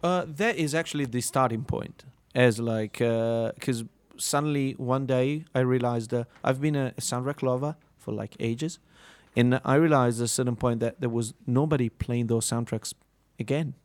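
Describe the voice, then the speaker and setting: A man's voice: medium pitch, moderate pace, a little mellow. A young man with an Italian accent, a musician answering interview questions in a hesitant way with many fillers and restarts. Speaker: musician, band leader.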